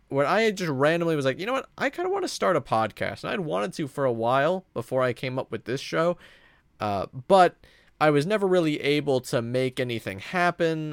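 Guy rambling solo on his podcast, lots of uh and like, smooth voice, dry close sound. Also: mid-range voice, no echo. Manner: rambling, many fillers and self-corrections. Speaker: podcast host. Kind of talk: casual solo monologue.

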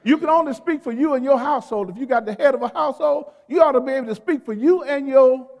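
Male pastor, very high voice, call-and-response sermon with emphatic stresses, long hall reverb. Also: vocal fry, darkish tone. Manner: call-and-response preaching, urging the congregation to repeat words; emphatic, drawn-out stresses on key phrases. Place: church sanctuary.

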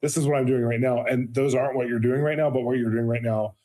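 Mellow-voiced man asking rambling questions. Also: mid-range voice, fairly even intonation, fast, rough recording. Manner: rambling, searching questions with fillers. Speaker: interview host. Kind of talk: casual interview talk.

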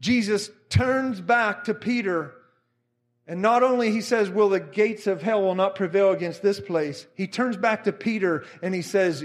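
A middle-aged man preaching a fervent sermon, repeating phrases and rising to shouts. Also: sits high, measured pace.

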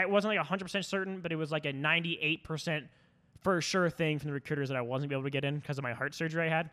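Young guy on a podcast, talks fast, swears a bunch, kinda bright voice. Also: fairly high pitch. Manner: swears a lot, animated storyteller. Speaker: podcast co-host. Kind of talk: casual podcast storytelling.

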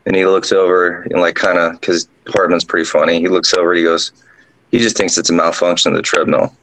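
A drill sergeant guest casually telling a ghost story, rambling along with lots of fillers. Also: male voice, sits low, flat delivery, brisk, a bit bright, poor audio.

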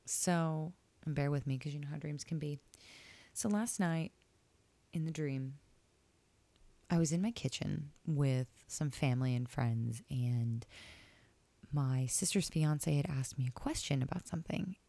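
Low gravelly woman podcaster. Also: a little slow, mellow, no room sound. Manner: candid, reflective storytelling about a dream. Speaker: podcast host. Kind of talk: casual solo podcast talk.

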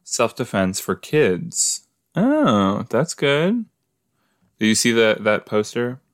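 A man's voice: medium pitch, very animated, slow pace, no echo, clean studio sound. A man hosting a casual watch-along podcast, chatting in a rambling way and talking to his listeners. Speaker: podcast host.

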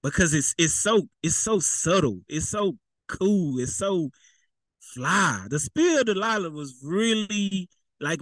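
Male preacher, AAVE, loose street-talk sermon, fairly high voice, dry close recording. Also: a bit bright, dry recording, poor audio. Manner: conversational, repeats words, folksy slang. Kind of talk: casual sermon.

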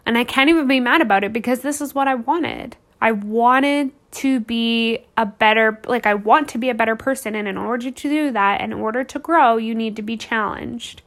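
A woman's voice: on the high side, normal speed, few pauses, fairly bright tone. A woman in her thirties hosting a podcast, telling a candid personal story in an emotional, rambling way full of restarts and fillers. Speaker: podcast host.

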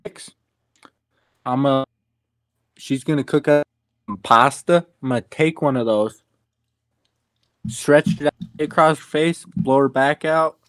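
A man co-hosting a casual podcast over a remote call, making crude, halting remarks. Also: medium pitch, no room sound. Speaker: podcast co-host. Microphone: remote call with a dropping connection.

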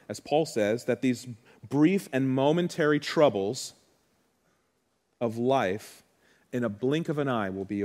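Man, pastor, sermon, earnest and heartfelt, repeats phrases, mid-pitched voice. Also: a little mellow. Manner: conversational asides to the congregation.

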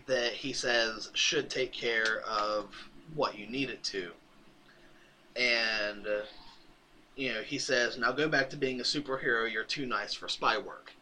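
Podcast co-host, man, lively storyteller, crisp bright tone, slight noise behind. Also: medium pitch, poor audio. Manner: animated retelling, laughing, quoting characters. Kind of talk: casual comic recap chat.

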